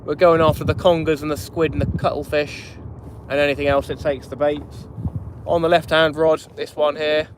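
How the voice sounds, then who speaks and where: A man's voice: fairly high pitch, level tone, normal speed. A man hosting a live fishing stream from a small inflatable boat at night, chatting and greeting viewers by name. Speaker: fishing channel host. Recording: wind noise on an open boat. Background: wind and water.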